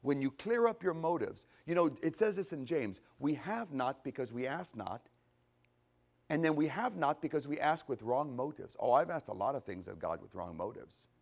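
A man preaching a conversational sermon, animated, asking rhetorical questions and answering them himself. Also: mid-range voice, normal speed, gravelly. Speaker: pastor.

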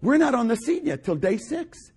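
Male preacher, husky tone, very animated pitch, emphatic repetition. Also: moderate pace. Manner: swings from loud emphatic repetition to low hushed delivery. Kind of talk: sermon.

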